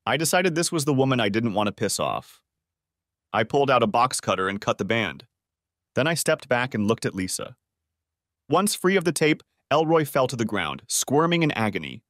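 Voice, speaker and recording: Man narrating a revenge story with a lively voice. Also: fairly low pitch, normal speed, no room sound, clean studio sound. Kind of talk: first-person audiobook narration.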